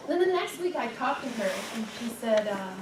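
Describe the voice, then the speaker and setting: A young woman giving a chatty, animated storytelling talk at a dinner event, full of "like"s and restarts. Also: a little high, moderate pace. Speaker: guest speaker and storyteller. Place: dinner event room, indoors. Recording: echoey room, distant mic, background noise.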